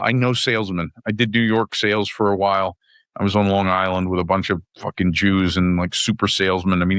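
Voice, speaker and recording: A middle-aged man from West Virginia, a podcast guest telling anecdotes in casual chat, crude and animated, acting out crowds as he goes. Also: on the low side, no echo, studio quality. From West Virginia, USA.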